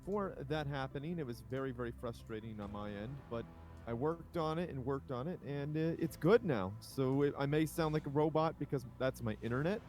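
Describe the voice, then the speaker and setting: A man's voice: medium pitch, fairly quick, darkish tone. Brief: male co-caster on a voice call, rambling and upbeat, faint music underneath. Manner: rambling, enthusiastic, self-correcting. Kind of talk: casual live-stream casting chat. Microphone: home microphone over an online voice call.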